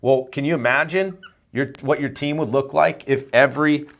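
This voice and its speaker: A man's voice: medium pitch, steady tone, moderate pace, gravelly, fairly bright tone. Guy running an insurance agency, casual vlog talk, rambly, keeps saying right?. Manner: loose, rambling, tags "right?" often; casual, swears offhand. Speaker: insurance agency owner coaching agents.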